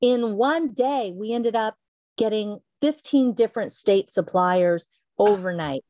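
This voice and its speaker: Unhurried and darkish in tone, a middle-aged company founder recounts her story as an interview guest in a relaxed setting. She dramatizes quotes with large pitch jumps, and the recording has no echo.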